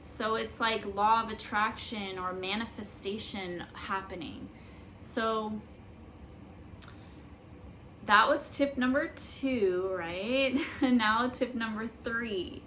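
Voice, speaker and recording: A woman's voice: on the high side, slow, a bit bright, slight background noise, low-quality recording. A young woman giving casual spiritual life advice in an earnest, rambling way, full of fillers. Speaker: spiritual vlogger. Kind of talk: casual personal advice talk.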